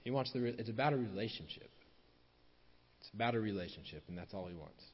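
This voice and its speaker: A man preaching a sermon, repeating key phrases for emphasis and dropping softer at the end of his points. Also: lowish voice, expressive, fast talker, breathy edge. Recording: dull lo-fi sound with long hall reverb.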